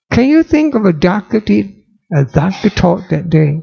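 Gravelly, animated man preaching. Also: high-pitched, normal speed, muffled recording. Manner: dramatic, rhetorical questions. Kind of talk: sermon.

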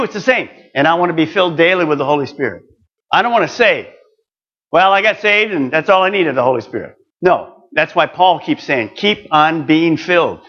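A man's voice: on the high side, fairly bright tone, lo-fi sound. An older man preaching a sermon, earnest and building to emphatic exhortation.

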